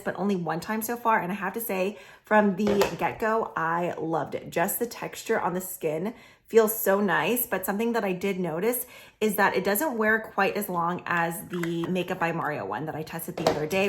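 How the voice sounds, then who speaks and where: A beauty vlogger chats casually through a makeup tutorial, dropping "like" constantly and sounding a little hoarse as she mentions she's losing her voice. Her pitch is medium, and there's slight background noise.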